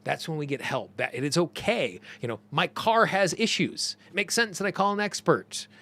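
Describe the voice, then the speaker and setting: A man's voice: on the high side, lively intonation, normal speed, sharp tone. Earnest man teaching in emphatic repetitions. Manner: earnest, emphatic, repeats phrases for stress. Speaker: host. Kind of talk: teaching monologue.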